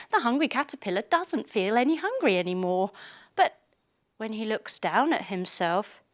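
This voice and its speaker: Young woman, kids' yoga storyteller; bright high voice, unhurried, lively melody. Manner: playful, sing-song, with sound effects. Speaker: kids yoga instructor. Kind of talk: storytelling yoga lesson for children.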